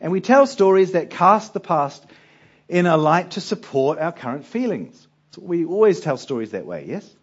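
Guy preaching a bible lesson, kinda high voice, husky, dull lo-fi sound. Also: big pitch swings, moderate pace. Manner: conversational, with frequent rhetorical questions to listeners. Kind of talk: Bible teaching talk.

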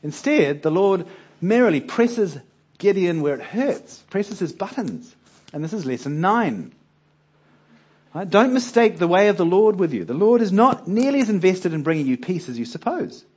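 A man's voice: high voice, very animated, moderate pace, darkish tone, husky, dull audio. A male preacher giving a conversational Bible teaching, often putting rhetorical questions to his listeners.

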